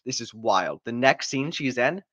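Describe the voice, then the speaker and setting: A man's voice: mid-range voice, lively intonation, normal speed, a bit bright, dry recording, highs cut off. A man ranting in a sarcastic, exasperated and profane way while reviewing a show. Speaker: video reviewer.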